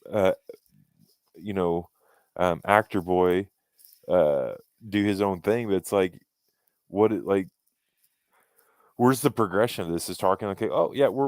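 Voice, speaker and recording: A man with a low voice, talking in a loose, rambling way on a casual podcast. He is recorded close and dry, with no room sound around him. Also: darkish tone, no room sound. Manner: rambling, restarts often, fan opinions. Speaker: podcast co-host. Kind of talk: casual chat.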